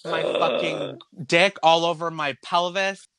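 A man's voice: on the high side, fairly even intonation, a little slow, heavy background noise. A man chatting casually on a podcast, telling a frank, profane story full of "like".

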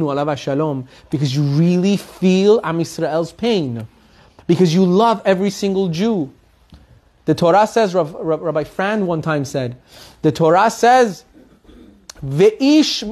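A man giving a weekly Torah lesson, telling stories earnestly and asking his listeners rhetorical questions. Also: high voice. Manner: animated storytelling with rhetorical questions. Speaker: Torah teacher.

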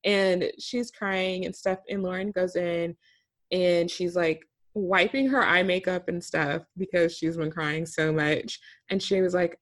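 A woman chatting casually, recapping a reality show as co-host, animated and laughing often. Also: fairly low pitch, unhurried.

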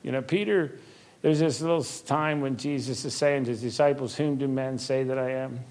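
An older man, a Christian minister, telling stories and teaching in a conversational way, earnest and quick to laugh, slowing down for emphasis. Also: medium pitch, a little mellow. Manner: earnest storytelling, laughs easily, slows for emphasis. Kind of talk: conversational faith talk.

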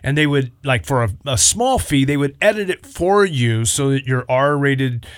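A man who is a pastor, chatting casually and telling a story with lively acted-out quotes, on a close mic. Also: mid-range voice, a little slow, clean tone, no echo. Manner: animated storyteller, acts out quotes. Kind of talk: casual chat.

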